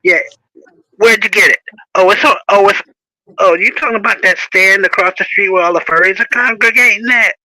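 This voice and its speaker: A man voicing a friendly, nosy man who fusses excitedly over coffee. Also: medium pitch, a little slow, no echo, poor audio. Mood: chummy.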